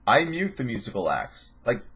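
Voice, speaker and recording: Husky man ranting sarcastically. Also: medium pitch, big pitch swings, normal speed, a bit bright. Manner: rambling, profane and sarcastic. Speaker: host. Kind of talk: casual vlog commentary.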